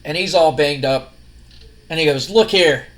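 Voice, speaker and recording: A man's voice: fairly high pitch, fairly even intonation, normal speed. Rambling man narrating a game. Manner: rambling, full of fillers and restarts. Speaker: gaming channel host. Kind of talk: casual let's-play commentary.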